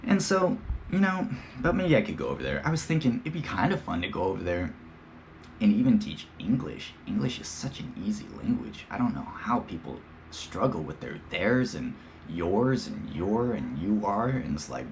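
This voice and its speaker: A man's voice: lowish voice, big pitch swings, normal speed, slight background noise. A young man hosting a podcast, talking in a rambling, slangy, profane casual monologue and slipping into playful impressions. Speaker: podcast host.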